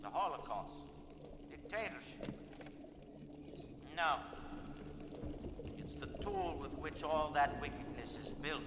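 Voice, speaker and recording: An actor playing a grandiose man who preaches solemnly in a slow, oratorical manner. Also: on the high side, lively intonation, reverberant, in a large hall, background noise. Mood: declamatory.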